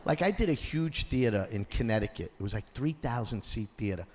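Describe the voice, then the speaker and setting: A man doing a stand-up comedy set on a theater stage, acting out characters and shouting his punchlines. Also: medium pitch, lively intonation, fairly quick. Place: theater stage before a live audience. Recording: roomy hall sound with audience noise. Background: audience laughter.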